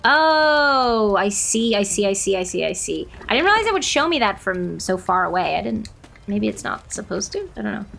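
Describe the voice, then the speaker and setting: A woman's voice: medium pitch, very animated, normal speed, gravelly, a bit bright, slight background noise. A woman streaming a game, chatting casually and laughing often. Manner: giggly, chatty.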